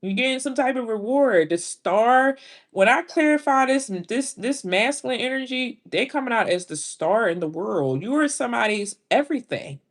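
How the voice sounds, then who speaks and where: A middle-aged woman, reading tarot in casual, animated talk full of exclamations. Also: on the high side. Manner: animated, exclaiming, drawn-out reactions. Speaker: tarot reader.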